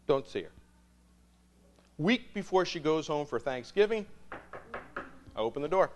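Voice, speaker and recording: A man, a priest, telling a story to students in an animated way, acting out the dialogue. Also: mid-range voice, moderate pace.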